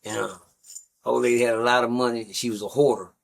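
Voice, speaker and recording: A man's voice: mid-range voice, steady tone, quick pace, vocal fry. A middle-aged man, a guest on a talk show, telling rambling stories in a blunt, profane, casual way. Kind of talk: casual storytelling.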